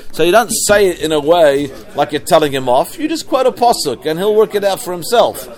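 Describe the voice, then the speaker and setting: Man teaching Talmud, rather high voice. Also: lively intonation, fairly quick, hardly any pauses, darkish tone. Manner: translating Aramaic phrase by phrase, explanatory. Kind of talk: Talmud study class.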